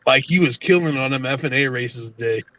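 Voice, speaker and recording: A man's voice: medium pitch, a little fast, sharp tone. Joking man on a muffled call. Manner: joking, playful banter. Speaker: caller buying a snake.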